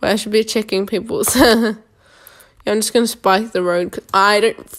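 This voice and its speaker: A woman's voice: medium pitch, steady tone, moderate pace. A woman giving casual, sarcastic running commentary while playing a police game, joking and talking to herself.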